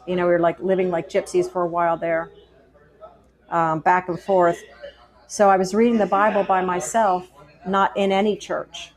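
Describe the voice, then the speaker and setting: A middle-aged woman recounts her story to interviewers in a casual, chatty way. Her voice sits a little low for a woman, and she brings the conversations she remembers to life as she tells them. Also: normal speed. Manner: chatty, animated retelling with quoted dialogue. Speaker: guest sharing her testimony.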